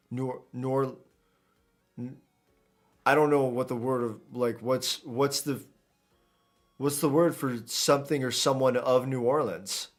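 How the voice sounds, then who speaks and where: A man's voice: medium pitch, steady tone, measured pace, long pauses, soft background music. A man streaming a video game, chatting casually in a rambling, jokey way and often tripping over his words. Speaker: gaming streamer. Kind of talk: casual let's-play commentary.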